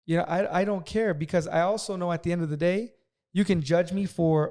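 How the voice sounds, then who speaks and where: A man with a slightly raised pitch, chatting on a podcast. He talks in a blunt, aggressive way and swears freely. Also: a little fast, a little mellow. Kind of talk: casual podcast conversation.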